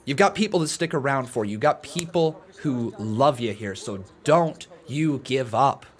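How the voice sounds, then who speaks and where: A man's voice: mid-range voice, lively intonation, normal speed. A man hosting a live watch-along stream in a casual, chatty way, greeting viewers by name and talking to them in an earnest, encouraging tone.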